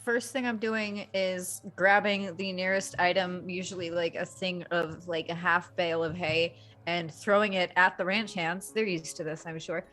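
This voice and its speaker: A woman's voice: lowish voice, steady tone, normal speed, hardly any pauses, fairly bright tone. A woman playing a tabletop game, describing her character's actions casually with lots of fillers. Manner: chatty, with many fillers. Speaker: player. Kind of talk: casual role-play chat.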